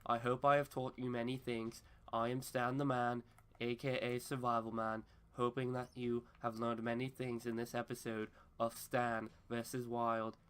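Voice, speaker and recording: A man doing a flat, fake-Australian survival host. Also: medium pitch, normal speed, clear, resonant tone, close to an everyday voice. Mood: deadpan. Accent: put-on Australian. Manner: stiff, formal, deadpan delivery. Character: male wilderness survival show host. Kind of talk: comedy skit narration over gameplay.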